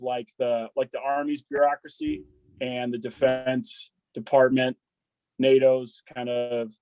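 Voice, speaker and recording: A man in his thirties, an army veteran, telling stories in a loose, casual way, peppered with "dude" and "like" and quick restarts. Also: mid-range voice, darkish tone, no room sound, low-quality recording. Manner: loose and profane, full of "dude" and "like", restarts a lot. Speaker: podcast guest, army veteran. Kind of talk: casual conversational storytelling.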